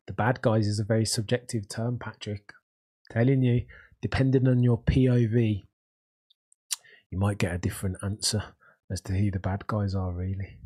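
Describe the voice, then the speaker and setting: A man's voice: on the low side, breathy edge. A man with a Birmingham accent hosting a casual live stream, talking enthusiastically and rambling as he reacts to racing and answers chat.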